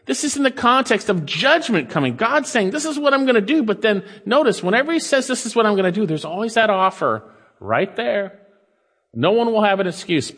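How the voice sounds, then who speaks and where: A man preaching a sermon, reading scripture aloud and explaining it, swinging from emphatic highs to hushed, low asides. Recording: long reverb of a large hall.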